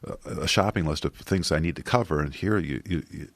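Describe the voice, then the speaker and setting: Filmmaker guy on a podcast, super low voice, quiet, keeps restarting. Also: no echo. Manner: halting, many restarts, soft-spoken. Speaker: guest filmmaker. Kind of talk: casual interview chat.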